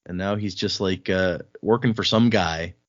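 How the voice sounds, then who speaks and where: A man co-hosting a casual book podcast, recapping the plot in a chatty way and acting out quick bits of dialogue. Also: low-pitched, no room sound, highs cut off. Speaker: podcast co-host.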